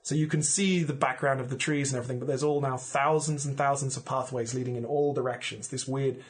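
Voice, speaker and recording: A man as a podcast guest, casually pitching a story in vivid, descriptive detail with plenty of "like" fillers. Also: steady tone, quick pace.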